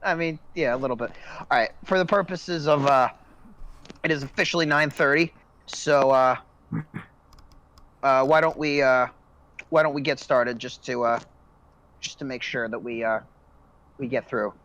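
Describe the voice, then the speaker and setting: A man hosting a casual panel chat, talking haltingly with many ums and restarts. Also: mid-range voice, fairly bright tone, dull audio. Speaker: podcast host.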